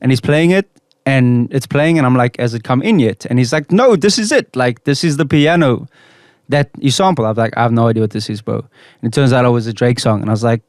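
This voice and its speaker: A man's voice: mid-range voice, a little fast, darkish tone, no echo, studio quality. A man from South Africa co-hosting a casual podcast, telling stories and laughing often. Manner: storytelling, laughing often, says bro a lot. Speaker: podcast co-host. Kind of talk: casual chat. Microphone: studio mic.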